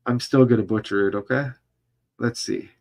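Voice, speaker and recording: A man's voice: medium pitch, steady tone, moderate pace, creaky, a little mellow. A man vlogger reading a news article aloud and breaking off into commentary, stumbling over names and asking rhetorical questions.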